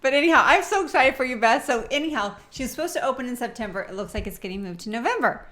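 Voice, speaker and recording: A woman's voice: high-pitched, animated, rapid-fire, pushed and bright. A woman co-hosting a casual live-stream chat, chatty and reading viewer comments aloud. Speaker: co-host.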